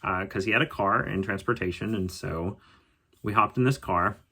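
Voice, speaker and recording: A man calmly telling a personal story as a podcast host, reflective and unhurried. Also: lowish voice, breathy edge. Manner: calm, reflective storytelling with occasional laughs.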